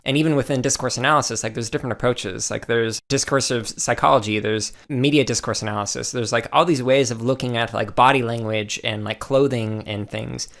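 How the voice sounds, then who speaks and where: A man hosting a podcast interview, talking in a relaxed way and often saying "like". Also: medium pitch, brisk, gravelly, hardly any pauses. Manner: relaxed, lots of "like" fillers. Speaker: podcast host. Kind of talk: casual interview chat.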